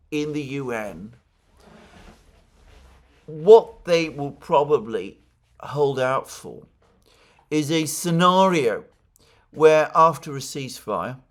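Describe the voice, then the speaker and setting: Slow, deliberate male political commentator. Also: mid-range voice. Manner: measured, deliberate, explanatory. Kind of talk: solo commentary.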